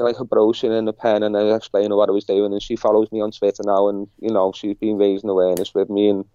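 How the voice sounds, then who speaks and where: A man's voice: mid-range voice, dark tone, dry recording. A middle-aged man with a Liverpool accent, chatting rambly as an interview guest and repeating himself as he tells his story. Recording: dull lo-fi sound.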